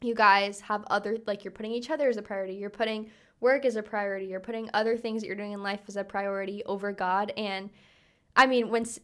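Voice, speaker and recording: A woman's voice: medium pitch, fairly even intonation, fast talker, a bit bright. A young woman co-hosting a podcast, chatting casually with many fillers. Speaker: podcast co-host. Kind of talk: casual chat.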